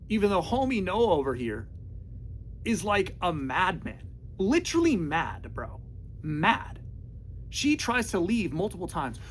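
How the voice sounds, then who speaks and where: A man's voice: high voice, big pitch swings, measured pace, a little hiss or hum. A man giving sarcastic, casual movie commentary in a mocking, slangy, exasperated way. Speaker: movie reviewer.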